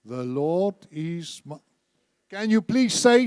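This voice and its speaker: High-voiced, slow, emphatic church speaker man. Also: sing-song, darkish tone, smooth, no room sound. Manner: emphatic, repeats phrases, leads the congregation in reciting scripture. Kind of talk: sermon.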